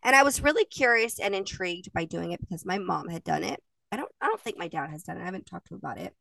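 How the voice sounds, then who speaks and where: A young woman co-hosting a podcast talks in loose, chatty bursts, laughing often and swearing now and then. Her voice has a gravelly edge. She sits a little back from the mic in a dry, unechoing space. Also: fairly low pitch, expressive, fast talker, pushed and bright, no room sound, far from the mic. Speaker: podcast co-host. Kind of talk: casual chat.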